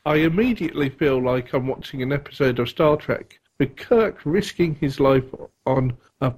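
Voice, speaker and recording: A man's voice: mid-range voice, animated, normal speed, darkish tone, slight background noise. A man co-hosting a podcast, reading listener feedback aloud in a casual way and laughing often. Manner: chuckles often while reading. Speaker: podcast co-host.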